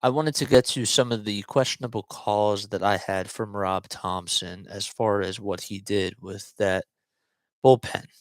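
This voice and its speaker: A man's voice: fairly low pitch, steady tone, measured pace, no echo. Chatty man rambling through sports commentary. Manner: rambling, chatty, often restarts and digresses. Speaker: sports talk show host. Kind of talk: casual solo sports commentary.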